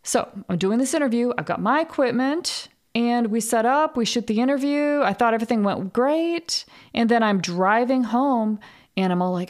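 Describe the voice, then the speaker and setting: A woman's voice: on the high side, animated, normal speed. A woman hosting a podcast, talking in a candid casual monologue, swearing freely and laughing at herself. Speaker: podcast host.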